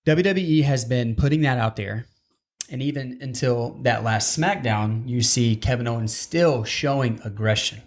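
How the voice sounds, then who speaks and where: Male podcast host, casual chat, rambling and digressive, average pitch. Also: moderate pace. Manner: rambling, digressive, restarts often.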